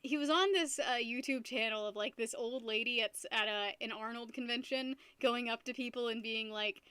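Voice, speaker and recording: A young woman chats with her stream viewers in a high, bright, lively voice. She is playful and giggly and laughs at herself a lot. The sound is close and dry. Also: normal speed, smooth, dry recording. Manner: playful, giggly, self-mocking. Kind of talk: casual live-stream chat.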